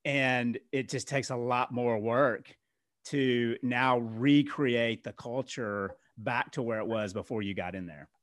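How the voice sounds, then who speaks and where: A man co-hosting a podcast, speaking in a measured way and summing up his partner's points. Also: medium pitch, a bit bright, no room sound, studio quality. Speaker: podcast co-host. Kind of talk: casual podcast conversation.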